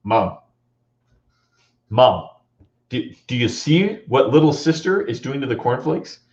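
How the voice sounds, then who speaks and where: A man's voice: mid-range voice, sing-song, slow, a little mellow, roomy sound. A man voicing a sulky, grumpy teenager who dreads school, whining and dragging. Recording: dull lo-fi recording.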